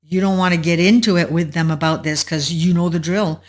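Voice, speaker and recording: A woman hosting a solo advice talk, explaining in a measured way and walking through an example step by step. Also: lowish voice, steady tone. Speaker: host.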